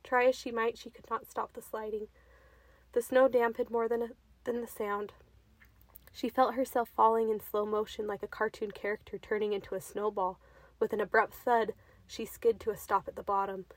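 A woman reading a short story aloud in an expressive, unhurried way. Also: on the high side, no room sound.

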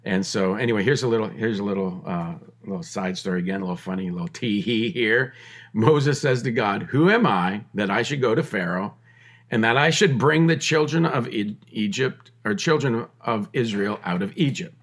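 A man's voice: fairly low pitch, animated, normal speed. A middle-aged man giving a podcast sermon, emphatic and repetitive, with conversational joking asides. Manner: emphatic preaching with repeated phrases and restarts. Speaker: podcast preacher.

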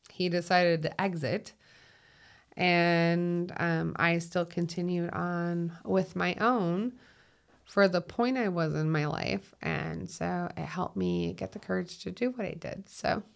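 A woman with a Minnesotan accent, a guest talking in a reflective, unhurried way and laughing easily. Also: fairly low pitch, steady tone, creaky. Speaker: guest, 911 call taker and dispatcher. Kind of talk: casual conversation.

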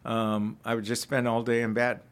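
A man's voice: medium pitch, level tone, normal speed, clear, resonant tone. A man earnestly recounting his personal testimony in casual conversation, reflective and full of restarts. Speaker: ministry founder, podcast guest.

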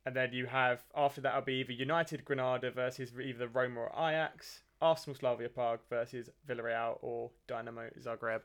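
Brief: easygoing young co-host, measured, a few hesitant restarts, mid-range voice. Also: male voice, medium pitch, fairly even intonation, fairly bright tone. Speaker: podcast co-host. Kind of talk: casual football podcast chat.

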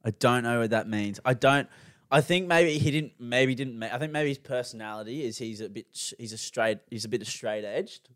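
A man's voice: mid-range voice, normal speed, no echo, studio quality. A young Australian man co-hosting a podcast in casual chat, laid-back, laughing often and swearing freely. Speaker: podcast co-host.

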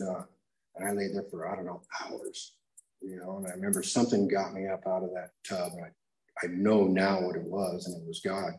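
A man with a low, warm voice shares his personal recovery story with a live audience, speaking in a raw, confessional way. The room is full of people and the recording is echoey.

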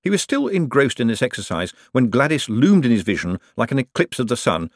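A man reading an audiobook as its narrator in a wry, expressive way. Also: medium pitch, brisk, no room sound, clean studio sound. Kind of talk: scripted narration.

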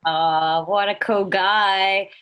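A woman's voice: mid-range voice, steady tone, drawn-out words, a bit bright, clear, resonant tone. A woman in her thirties with a New Zealand accent, chatting as a podcast guest, laughing often and speaking with lots of animation. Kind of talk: casual interview chat.

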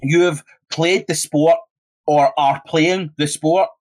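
A man's voice: a little high, steady tone, slow, darkish tone, poor audio. A young Scottish man on a casual podcast, ranting heatedly and swearing constantly. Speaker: podcast co-host.

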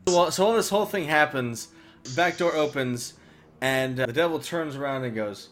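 A man's voice: a little high, normal speed, fairly bright tone, faint music behind. A young man narrating as game master in a loose, rambling way full of fillers.

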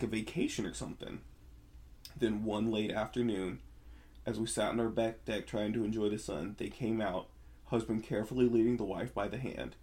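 A man co-hosting a podcast, reading a horror story aloud and then chatting, relaxed and laughing easily. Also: fairly low pitch. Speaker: podcast co-host.

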